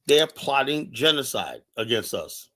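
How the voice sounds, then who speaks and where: An American man gives an urgent, impassioned live-stream monologue, his medium-pitched voice swinging widely in pitch with a sharp tone at a moderate pace. He keeps circling back to his points, repeating himself with fillers like "you know" and "right?" His delivery feels passionate and conversational, not scripted.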